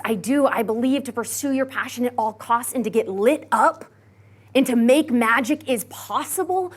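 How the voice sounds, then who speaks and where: A young woman from Texas gives a candid, animated keynote story. She leans heavily on "like" and acts out the voices she quotes. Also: a little high. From Texas, USA. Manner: candid and self-mocking. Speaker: motivational keynote speaker. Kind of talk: personal storytelling talk.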